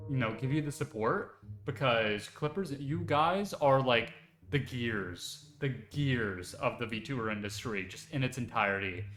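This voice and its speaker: A man streaming live, chatting casually and excitedly, rambling with lots of fillers. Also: mid-range voice. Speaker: VTuber streamer. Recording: echoey room with faint music behind.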